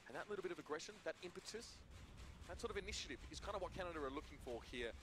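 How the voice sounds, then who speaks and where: A man's voice: fairly high pitch, animated, very fast, noisy background. A man with an Australian accent doing live esports play-by-play, wordy with dramatic turns of phrase. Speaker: esports caster. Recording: archived broadcast with clear arena ambience.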